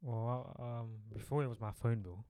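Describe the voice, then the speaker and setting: A young man in casual chat, animated and slangy, swearing and laughing freely. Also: medium pitch, normal speed. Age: young adult.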